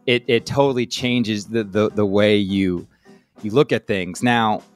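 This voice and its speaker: A male podcast host with a lowish voice asks his questions casually, thinking aloud and restarting his sentences. Faint music hums in the background. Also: a little slow. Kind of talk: conversational interview.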